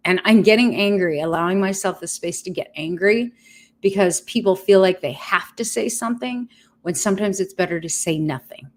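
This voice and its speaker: A woman's voice: mid-range voice, normal speed. A woman in her fifties talking candidly to her viewers on a livestream, earnest, blunt and heartfelt. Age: 50s. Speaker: vlogger sharing her cancer treatment.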